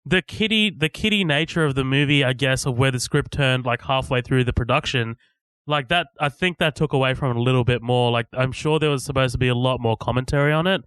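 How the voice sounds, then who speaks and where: A man's voice: medium pitch, a little fast, fairly bright tone, clean tone, dry recording. A man co-hosting a casual movie podcast, rambling, swearing often and laughing between thoughts. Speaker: podcast co-host. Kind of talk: casual movie review chat.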